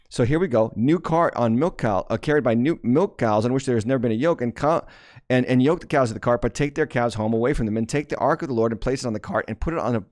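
A man's voice: medium pitch, darkish tone. A man preaching a sermon as pastor, reading scripture aloud and explaining it with frequent restarts and rising emphasis.

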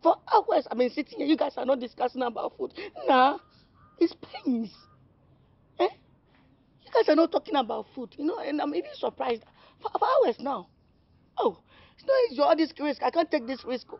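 A man's voice: fairly high pitch, a little fast, slightly rough, no room sound. An actor with a Nigerian accent playing a playful man who teases, laughs and chases a woman. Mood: whining. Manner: playful, teasing, laughs a lot. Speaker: flirting brother-in-law. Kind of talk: Nollywood film acting. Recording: dull lo-fi sound, faint noise.

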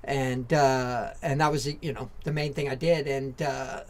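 A man's voice: medium pitch, steady tone, unhurried. An American man in his forties from Southern California, a former motorcycle racer telling stories as a podcast guest, candid and rambling, with lots of fillers, restarts and casual swearing. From Southern California, USA. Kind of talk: casual storytelling interview.

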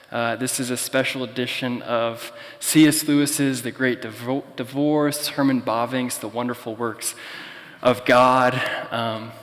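A man's voice: medium pitch, fairly bright tone, big-room sound. A young man preaching a sermon as pastor in a conversational, storytelling way. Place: church.

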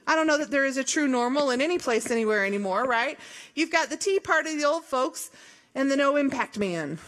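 A middle-aged woman from Missouri, an association leader giving an emphatic, jokey, conversational speech at a forum. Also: high-pitched. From Columbia, Missouri. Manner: lively, emphatic, jokey, with laughs and rhetorical questions.

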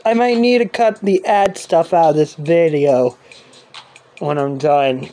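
A woman doing let's-play commentary, exasperated and swearing under her breath, swinging between shrill frustrated yells and low muttering. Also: measured pace. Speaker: gaming channel host. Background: faint game music.

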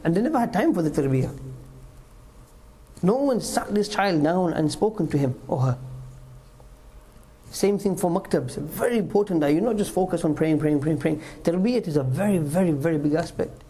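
A man's voice: fairly high pitch, animated, moderate pace, warm tone, rough recording. Man telling stories at a mosque talk. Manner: storytelling, acts out quotes, emphatic repetition. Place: mosque hall.

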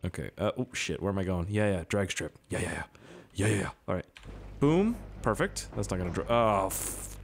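An excitable young man talks over his gameplay into a desk mic. His pitch swings widely as he jumps from squeaky shouts to low, muttered asides. He rambles, swears freely and keeps an easy, chatty flow. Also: brisk, vocal fry, a little hiss or hum. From Canada. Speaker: gaming video host. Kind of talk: casual gameplay commentary.

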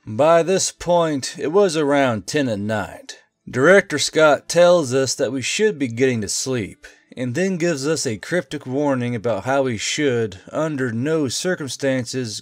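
A male text-to-speech voice reading a tabletop game story in an even, unhurried way. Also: mid-range voice, dry recording. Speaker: narrator. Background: faint music.

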